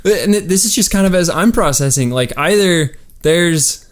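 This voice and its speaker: Lively, halting young husband chatting. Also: male voice, on the high side. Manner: animated, mimics other people in exaggerated voices; halting, restarts often while thinking aloud. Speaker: podcast co-host. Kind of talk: casual chat.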